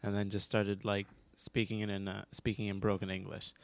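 A man's voice: on the low side, monotone, moderate pace, vocal fry, no echo. A young man in casual chat who rambles, restarts his sentences, laughs often and swears.

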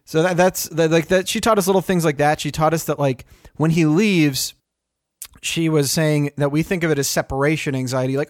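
A man chats casually on a podcast in a slightly high, brisk voice, spinning rambling, profanity-laced stories with lots of animation. The recording is studio quality with no room sound.

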